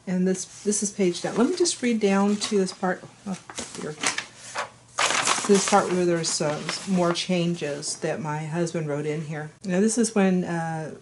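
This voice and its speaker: A woman author, hoarse from a cold, casually explaining how she revises her writing, with a rambling delivery full of ums and uhs. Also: on the low side, a little mellow. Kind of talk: casual explanatory video talk.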